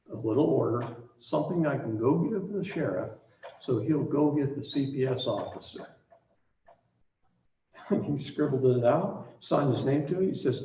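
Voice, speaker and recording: A man's voice: mid-range voice, darkish tone. A man speaking to a live class, telling a personal story and acting out the dialogue, often laughing along. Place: large echoey room with audience. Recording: echoey room from far off, dull lo-fi.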